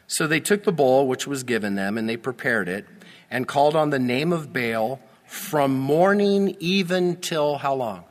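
A man's voice: medium pitch, measured pace, long reverb tail. A man preaching a sermon, reading scripture with emphatic, teasing asides. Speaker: pastor.

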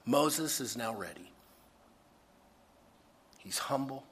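A man with a husky, slightly breathy voice delivers a sermon as a pastor. He swings from hushed, intimate lines to emphatic ones. His voice trails off into the long reverb of a big hall. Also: medium pitch, lively intonation, takes it slowly. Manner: earnest, shifts between hushed and emphatic.

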